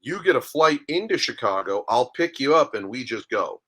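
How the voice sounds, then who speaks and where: Man, podcast guest, medium pitch, animated storytelling, acts out dialogue. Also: moderate pace, husky. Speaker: guest, minor league hockey goalie. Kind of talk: casual interview chat.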